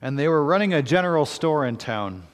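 A man's voice: fairly high pitch, animated, clear, resonant tone. Man preaching in a reverberant hall. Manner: earnest storytelling with pauses and restarts. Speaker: pastor. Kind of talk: sermon.

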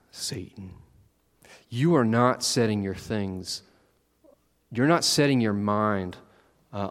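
A man preaching a sermon, telling the story with animated, acted-out quotes. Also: medium pitch. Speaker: pastor. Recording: long reverb of a large hall.

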